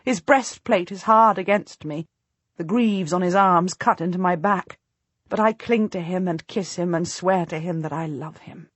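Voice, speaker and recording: A woman narrating a historical audiobook in the first person, measured and storytelling. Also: fairly low pitch, husky, no echo.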